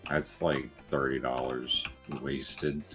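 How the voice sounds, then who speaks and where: Man, very deep monotone voice, casual gaming chat, relaxed and drawn out, filler words. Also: takes it slowly. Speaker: fellow gamer. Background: game music.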